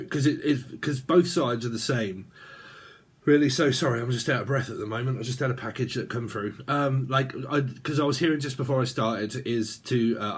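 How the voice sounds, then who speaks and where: A man reads tarot cards in a loose, chatty way, circling back and repeating himself as he goes. His voice has a husky grain, and he sits in a middle pitch for a man. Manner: rambling and repetitive, chatty with frequent fillers. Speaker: tarot reader. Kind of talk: casual spoken tarot reading.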